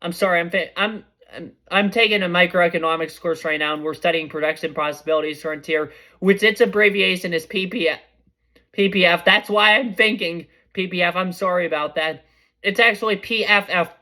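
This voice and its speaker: A young man hosts a podcast with a high voice, tossing out casual sports predictions in a chatty, excitable manner and frequently correcting himself mid-sentence.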